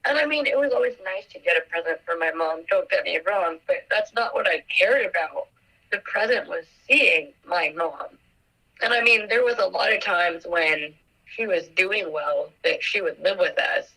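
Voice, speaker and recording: A young woman recounts a personal story with a bright, sharp tone. Her delivery is halting and emotional, and it is full of little fillers. She sounds slightly distant from the mic. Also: on the low side, animated. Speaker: guest, victim's daughter.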